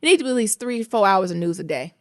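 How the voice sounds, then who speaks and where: A woman co-hosting a casual podcast in a relaxed, chatty way. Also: medium pitch, quick pace, dry recording, studio quality. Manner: conversational, relaxed, reads out contact details. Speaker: podcast co-host.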